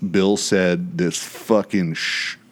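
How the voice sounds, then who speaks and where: A man with a very low voice tells a story among friends, loose and profane. He piles on asides and leans into the big moments. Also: slow. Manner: animated, profane anecdote telling. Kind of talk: casual storytelling chat.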